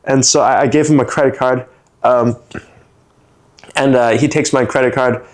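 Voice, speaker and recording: Man, casual storyteller, mid pitch, loose and rambling, keeps dropping "like" and voicing the people in his story. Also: steady tone, normal speed. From San Francisco. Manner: rambling, many "like" fillers, acts out other people's lines. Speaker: storytelling guest.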